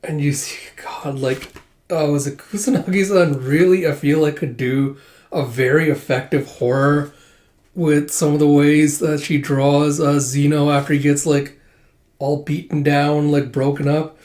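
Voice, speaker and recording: A man reading through a manga volume in a casual way, acting out the characters' lines in quick bursts with plenty of fillers. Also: a little high. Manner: animated, voices characters in bursts, many fillers. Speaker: manga reader. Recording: roomy echo.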